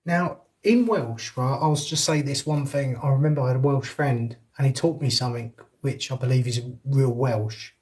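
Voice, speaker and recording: Streaming a live ghost hunt from inside a house, a paranormal investigator speaks in a mid-range, darkish voice at a moderate pace with hardly any pauses. He chats with viewers, calls out directly to spirits, and laughs often.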